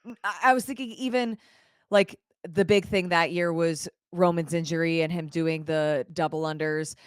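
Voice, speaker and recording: A woman with a very low, smooth voice co-hosts a podcast. She tells her stories expressively in casual chat. The sound is dry and close. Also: fairly even intonation, moderate pace, no echo. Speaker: podcast co-host.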